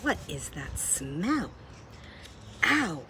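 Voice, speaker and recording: A woman voicing a self-pitying male rat in a storybook reading, speaking slowly and sometimes dropping to a whisper. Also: lowish voice, sing-song, sharp tone, slight background noise, full character voice. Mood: mournful.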